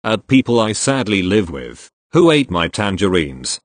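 A man's voice: on the low side, very animated, normal speed, hardly any pauses, no echo. A man narrating a comic fan video, reading made-up posts in a goofy, self-mocking way. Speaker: video creator.

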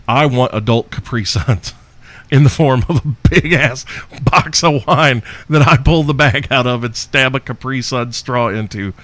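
A man's voice: mid-range voice, measured pace, no room sound. Brash, foul-mouthed man hosting a podcast. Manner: profane, brash, boastful, loud outbursts and laughter. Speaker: podcast host. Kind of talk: solo podcast reading listener questions.

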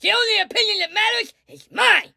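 A woman putting on an indignant older female politician in a satirical sketch, scolding and shouting in a husky, gravelly voice. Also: high voice, sing-song, moderate pace, dry recording, clean studio sound, full character voice. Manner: scolding, shouting, self-righteous.

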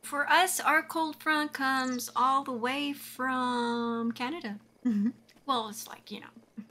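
Slow and fairly even in intonation, a high-pitched, sharp-toned woman streams her gameplay with casual live chat. She giggles, rambles, and fills her talk with "like."

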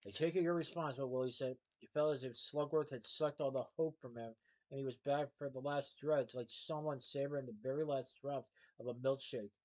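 A man's voice: mid-range voice, steady tone, moderate pace, a little mellow, low-quality recording. A man reading a children's novel aloud in a plain way, with small slips and self-corrections. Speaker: storybook reader.

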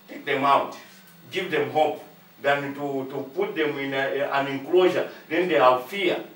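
A man's voice: a little high, fairly bright tone. A man preaching a sermon as pastor, pressing his points with repetition and acting out short exchanges in different voices. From Zambia. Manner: preaching with emphatic repetition and acted-out dialogue. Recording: echoey room, voice from far off.

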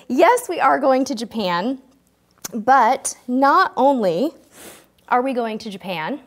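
A woman in her forties, a cruise vlogger, chatting warmly and emotionally to viewers during a live stream, choked up at times. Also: a little high. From California, US. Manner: chatty, gushing, talks straight to viewers in the chat.

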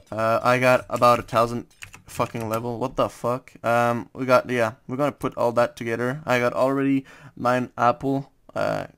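A man's voice: mid-range voice, fairly bright tone, clean tone. A young man from France with a French accent, giving casual, hesitant gaming commentary full of fillers. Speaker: gaming YouTuber.

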